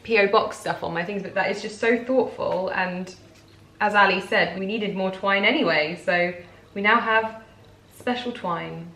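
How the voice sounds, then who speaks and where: A woman, gushing and excitable as she chats through a casual unboxing vlog at home. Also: medium pitch, moderate pace. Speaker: lifestyle vlogger. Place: home, indoors. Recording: roomy home recording.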